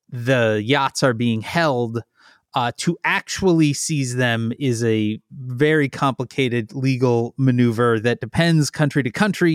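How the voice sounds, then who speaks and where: A man's voice: medium pitch, no room sound, clean studio sound. A man co-hosting a casual podcast, reading out news with wry asides. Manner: chatty, wry, reads out figures between jokes. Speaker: co-host.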